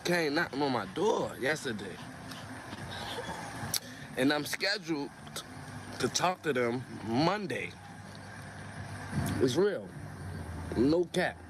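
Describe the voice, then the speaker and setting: Brief: earnest man in a clip, slightly high voice, road and car noise behind him. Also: sing-song, slow, pauses often. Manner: earnest, repeating himself. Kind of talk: casual talk to a streamer. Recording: noisy clip with car sounds.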